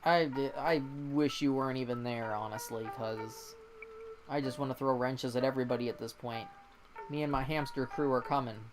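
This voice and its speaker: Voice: medium pitch, fairly even intonation, moderate pace, over music. An exhausted, yawning streamer in casual game-stream chat, ranting and swearing with exasperation.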